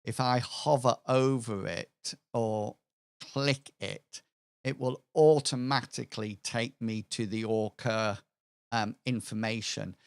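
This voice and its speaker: A man's voice: mid-range voice, steady tone, slow pace, vocal fry, smooth, no echo, studio quality. A man on a livestream planning a tabletop campaign, talking hesitantly as he brainstorms ideas. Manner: hesitant, full of fillers and restarts while brainstorming. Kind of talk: thinking-aloud worldbuilding livestream.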